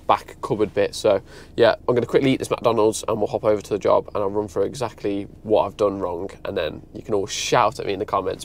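A man's voice: lowish voice, a little mellow. An electrician vlogging casually, a bit ill and tired, explaining his work and his own mistakes in a chatty, self-deprecating way. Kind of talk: casual vlog chat. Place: building site and van, handheld camera. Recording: long reverb in an empty room.

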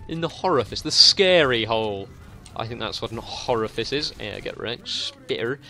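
A drunk young man giving rambling, profane commentary as he plays a video game, now and then breaking into sudden yells. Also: medium pitch, animated, normal speed, vocal fry, soft background music. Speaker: gaming channel host.

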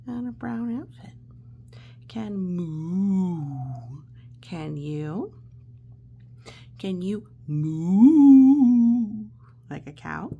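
A woman reading a children's picture book aloud slowly and playfully, chatting about the pictures and acting out the silly noises. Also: lowish voice, vocal fry, a little hiss or hum. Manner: slow, gentle, playful, acts out noises.

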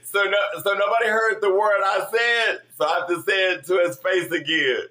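High-pitched sassy giggly man. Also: fairly even intonation, normal speed, bright, forceful tone, echoey room. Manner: giggly, laughs constantly; sassy, swears casually. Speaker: host. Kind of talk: playful party-game chat.

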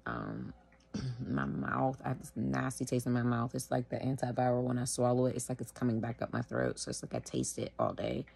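Woman, sick and wheezy, tired slow talk, deep fry in the voice, at home. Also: very animated, a little mellow. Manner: tired, slow, filler-heavy. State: sick, wheezing and short of breath. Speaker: vlogger sharing her illness. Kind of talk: casual talk to camera.

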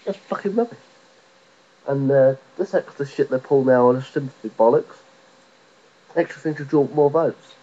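A man's voice: medium pitch, fairly quick, a little mellow, highs cut off. A man ranting to camera in a rambling, sweary, mocking way. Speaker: vlogger. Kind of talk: profane rant to camera.

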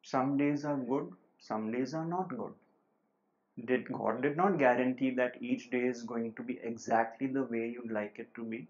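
A man giving a relaxed, conversational spiritual talk at home. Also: mid-range voice, moderate pace, dull audio. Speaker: spiritual teacher. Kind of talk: informal talk on non-duality with a joke. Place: home living room.

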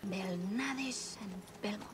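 An actress voicing a cheerful, playful young female magician in an animated series. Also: mid-range voice, takes it slowly, background noise, natural voice. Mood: fond. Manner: teasing, affectionate.

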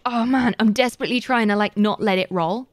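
A British woman streaming a game and talking to her chat, excitable and chatty. Her voice sits a little high and sounds dry and close to the mic. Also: brisk, no echo. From Britain. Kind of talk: casual gaming commentary.

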